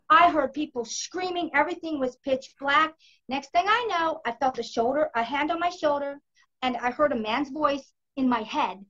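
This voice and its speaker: In a conversation she hosts, a woman in her fifties recounts her own experiences vividly and emphatically. Her voice sits high with a fairly bright tone, and the recording is dull and lo-fi.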